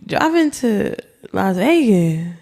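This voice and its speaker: A woman's voice: mid-range voice, very animated, slow pace, gravelly, a little mellow. A young woman from Texas, a podcast guest telling stories in a brash, profane, laughing way. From Texas, USA. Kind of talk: casual chat.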